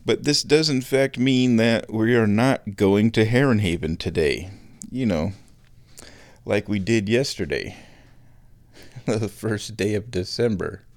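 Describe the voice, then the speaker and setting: A young man talks alone at an unhurried pace, drifting from topic to topic and correcting himself as he goes. His voice sits a little low, and he laughs at his own asides. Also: no echo. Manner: rambling, self-correcting, chuckling asides. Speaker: show host, committee chairman. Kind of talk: casual solo commentary while watching football.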